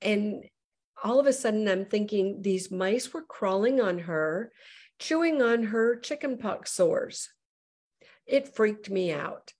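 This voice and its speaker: A middle-aged woman evangelist, a guest on a show, telling a personal testimony in an animated way and acting out the voices she quotes. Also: medium pitch.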